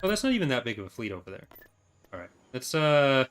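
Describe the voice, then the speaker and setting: A man talks over a strategy game he is playing, casual and wry, tossing off jokey asides as he goes. His tone is bright and forward, and his pitch swings up and down a lot as he talks. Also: big pitch swings, fast talker, soft background music. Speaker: gaming YouTuber. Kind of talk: casual gameplay commentary.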